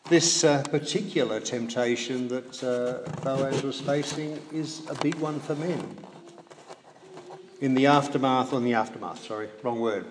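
Measured male preacher, echoey hall. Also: mid-range voice. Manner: measured, with rhetorical questions and dry humorous asides. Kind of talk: sermon. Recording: echoey hall, faint background noise.

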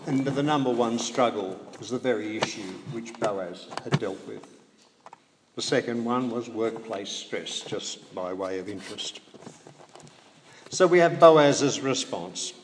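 A male preacher delivers his sermon at a measured pace, asking the listeners questions and slipping in dry humor. His voice is a middle-pitched, ordinary male voice. It carries a long reverb from a large hall, over a faint background hiss.

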